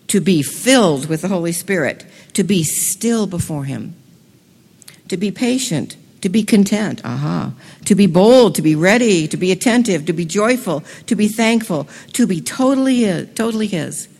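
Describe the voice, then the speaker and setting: A woman giving an enthusiastic talk to a women's gathering, moving between hushed, slow passages and excited bursts. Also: medium pitch. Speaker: speaker at a women's event. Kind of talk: sermon. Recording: long reverb of a hall.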